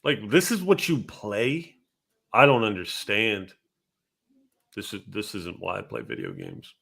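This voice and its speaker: A man's voice: fairly low pitch, very animated, unhurried, creaky, fairly bright tone, husky. A man guesting on a casual podcast chat. He talks animatedly, swears and then apologizes for it.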